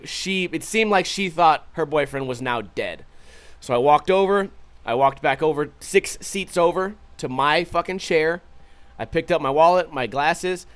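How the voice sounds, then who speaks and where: A man's voice: fairly high pitch, smooth. Profane man telling a bar story. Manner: profane, animated retelling with quoted voices. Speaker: vlog host. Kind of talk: casual storytelling.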